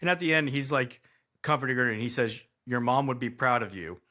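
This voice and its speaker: A man with a medium pitch and a pushed, bright tone talks briskly. He co-hosts a laid-back movie review podcast, rambling and restarting his sentences as he reacts with incredulity to bad writing.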